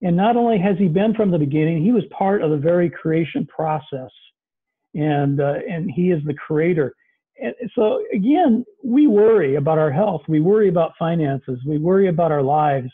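A man's voice: fairly high pitch, normal speed, slightly rough. A man preaching a sermon over a video call, talking in an earnest, conversational way with many fillers. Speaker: pastor. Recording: tinny lo-fi video call audio.

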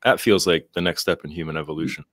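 Male podcast guest, deep and dry, thoughtful with lots of restarts. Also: fast, fairly bright tone, dry recording. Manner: reflective, with many restarts and fillers. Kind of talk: casual podcast conversation.

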